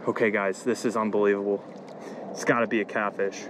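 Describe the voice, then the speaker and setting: Excited man fighting a fish outdoors. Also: on the low side, fairly quick, noisy background. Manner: talks to viewers while fighting a fish, repeats himself. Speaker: fishing vlogger. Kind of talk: excited live commentary. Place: outdoors at a lake.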